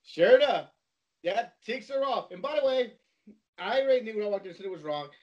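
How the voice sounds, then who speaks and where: A man spins a long anecdote in loose, casual conversation, stumbling over restarts and repeating himself as he goes. His voice sits quite high for a man. The recording is dull and lo-fi. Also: expressive, fairly quick, darkish tone. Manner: rambling, with many restarts and repeated words. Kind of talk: casual storytelling chat.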